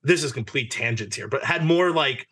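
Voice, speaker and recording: A man with a mid-pitched, bright and tense voice hosts a casual podcast. He jokes and jumps eagerly into the talk. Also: normal speed. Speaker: podcast host. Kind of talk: casual chat.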